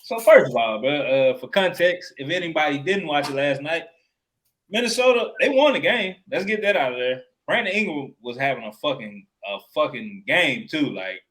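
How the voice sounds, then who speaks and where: A man's voice: a little high, expressive, normal speed, a bit bright. Profane joking man hosting sports chat. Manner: profane, joking, laughs often. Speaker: podcast co-host.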